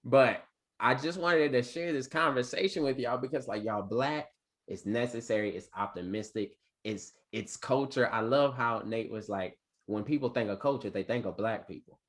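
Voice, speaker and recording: A man teacher telling a class a story in an animated, preacher-like cadence with big vocal swings. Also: medium pitch, normal speed.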